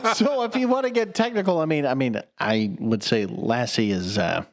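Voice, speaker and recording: A man's voice: medium pitch, moderate pace. A man co-hosting a podcast, chatting casually about a film and acting out reactions in a raised voice. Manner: animated, acts out reactions in a raised voice. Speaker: podcast co-host.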